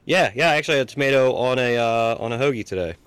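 A man co-hosting a podcast, chatting casually and telling stories with animated, self-mocking delivery. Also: medium pitch, fast talker, clear, resonant tone, no room sound. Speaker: podcast co-host. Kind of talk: casual chat.

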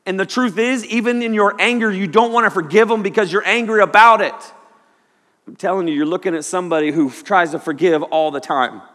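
A man preaching a sermon, telling a personal story in an animated way and sometimes shouting quoted lines. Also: high-pitched, brisk. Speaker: pastor. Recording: long hall reverb.

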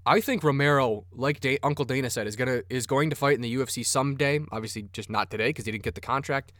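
A man's voice: medium pitch, fast, a bit bright, no echo, clean studio sound. A man hosting a sports podcast, rambling casually and cursing freely. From Minnesota. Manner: profane, rambling, enthusiastic. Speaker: podcast host.

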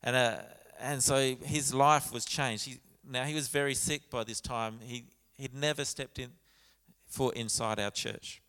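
A man's voice: mid-range voice, steady tone, measured pace, fairly bright tone, clean tone. A man, a pastor telling a story in a sermon with quoted dialogue and frequent restarts. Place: church sanctuary. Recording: church hall with long reverb.

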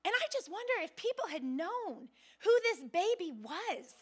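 A woman pastor in her thirties preaching a sermon, telling the story with animated, playful asides. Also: very high-pitched, a little slow.

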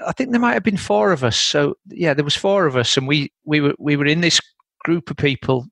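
A man's voice: on the high side, fairly quick, gravelly, a bit bright, no echo. A man hosting a conversation, chatty and telling stories with many restarts. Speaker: host. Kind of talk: casual conversation.

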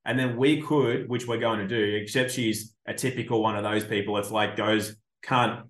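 A man hosting a podcast, talking in a blunt, profane, animated way in casual chat. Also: fairly low pitch, moderate pace, reverberant. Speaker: podcast host.

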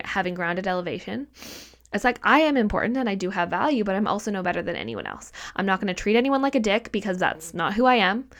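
A woman's voice: mid-range voice, creaky, fairly bright tone. A woman hosting a solo podcast as a mindset coach, talking casually and emphatically, repeating points for stress and swearing now and then.

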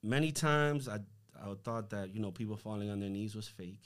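A man giving a casual faith testimony as a podcast guest, slangy and animated, acting out what people said to him. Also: fairly low pitch, a little fast. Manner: animated, slangy, acts out quoted dialogue.

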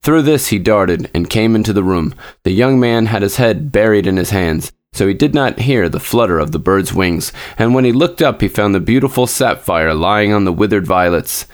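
Low-voiced man narrating a fairy tale. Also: lively intonation, normal speed, few pauses. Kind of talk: scripted storybook narration.

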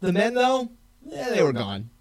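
A man co-hosting a podcast, recounting a news story in a casual, animated way and laughing often. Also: sits high, moderate pace, a crowd in the background. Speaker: podcast co-host.

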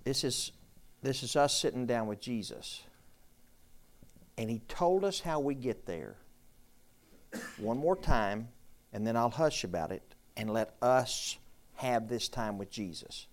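A male pastor giving a conversational sermon. He keeps asking the room questions and waits for their answers. His pitch sits in the middle. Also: very animated, slow, long pauses. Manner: repeats questions, invites answers from the group. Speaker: pastor leading a discussion.

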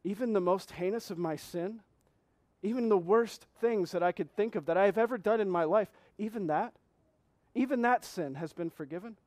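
A man with a fairly high voice preaches a sermon, reading scripture slowly and repeating key phrases. He asks the congregation earnest questions in a dry, close-miked sound. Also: darkish tone, no room sound. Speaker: pastor.

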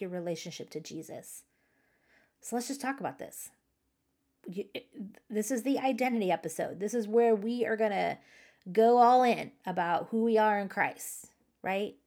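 A woman hosting a faith-based podcast for moms, talking earnestly and directly to her listeners. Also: medium pitch. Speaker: podcast host.

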